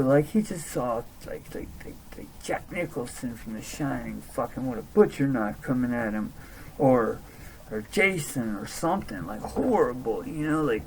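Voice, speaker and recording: A man's voice: on the high side, a little mellow, slight background noise, low-quality recording. Rambling young man telling a story. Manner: rambling, with many restarts and swearing. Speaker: vlogger. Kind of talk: casual storytelling monologue.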